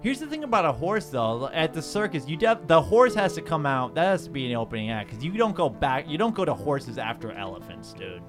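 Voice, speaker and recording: A man's voice: a little high, very animated, fairly quick, hardly any pauses, over music. Rowdy swearing man on a podcast. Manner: loud, jokey, swears a lot. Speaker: podcast co-host. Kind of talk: crude comedic banter.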